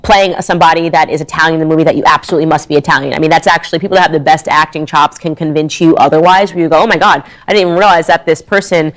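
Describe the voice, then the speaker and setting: A woman's voice: sits low, fairly even intonation, rapid-fire, few pauses. A woman giving chatty, sarcastic opinion commentary, explaining her view at length. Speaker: online commentator.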